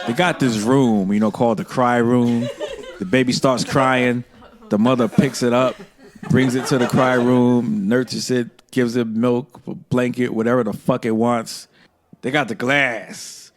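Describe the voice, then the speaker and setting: A male stand-up comedian telling brash, profane stories on a stage with a handheld mic. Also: mid-range voice. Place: comedy stage before an audience. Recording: live show with loud crowd laughter.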